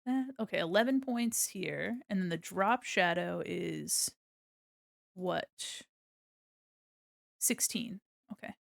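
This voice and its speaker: A young woman chatting casually on a livestream while she draws, swearing freely, laughing often and softly singing along. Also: medium pitch, slow, vocal fry, long pauses, no room sound, studio quality. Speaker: streamer.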